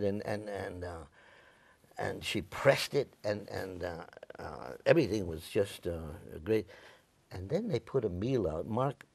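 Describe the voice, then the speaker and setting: An elderly veteran from Staten Island, New York, reminisces in an oral history interview with a rough, gravelly voice that sits a little low. He wanders through his story and acts out the other people's lines as he goes. The recording is close and dry, with no room sound. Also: a little mellow, no echo. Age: older; 90s.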